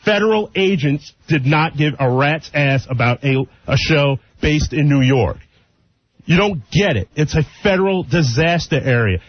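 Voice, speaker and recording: Exasperated man, high and lively. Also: normal speed. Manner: defensive, exasperated. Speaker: radio show regular. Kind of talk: heated on-air argument. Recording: dull lo-fi radio broadcast.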